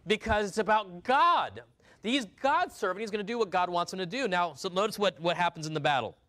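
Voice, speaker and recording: Animated preacher man, slightly high voice. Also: a little fast. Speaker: pastor. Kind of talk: sermon.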